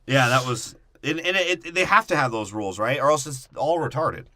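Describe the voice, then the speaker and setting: A young man with a bright, forceful voice, recorded close and dry in a small room. He co-hosts a comedy podcast, tearing through a movie plot with profane jokes and quick mocking impressions of the characters. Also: mid-range voice, expressive, no echo. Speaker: podcast co-host. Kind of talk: casual comedic movie breakdown.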